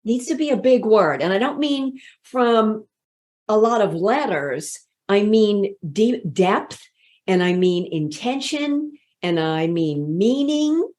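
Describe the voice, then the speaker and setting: A woman leadership speaking coach giving a motivational workshop talk in a deliberate, inviting way. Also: medium pitch, animated, a little mellow. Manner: slow, deliberate, inviting delivery.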